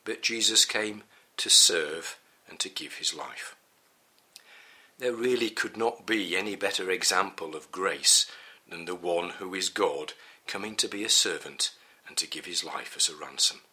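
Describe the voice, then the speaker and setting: A middle-aged man reading a Bible teaching in a measured, earnest way. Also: low-pitched, pushed and bright. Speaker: preacher.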